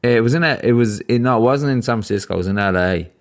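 A man's voice: mid-range voice, fast. A man with an Irish accent hosting a podcast, chatting casually and rambling through stories with lots of fillers. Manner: rambling, storytelling, many fillers. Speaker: podcast host. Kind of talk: casual interview chat.

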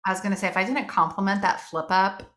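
Female podcast co-host, relaxed chatty storyteller. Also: mid-range voice, fast talker, echoey room. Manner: chatty, storytelling, laughs often. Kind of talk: casual chat.

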